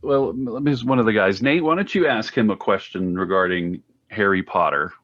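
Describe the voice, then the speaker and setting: A man hosting a podcast who steers the talk along briskly in a casual tone. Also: fairly low pitch, a bit bright, no room sound, lo-fi sound. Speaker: podcast host. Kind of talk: casual interview chat.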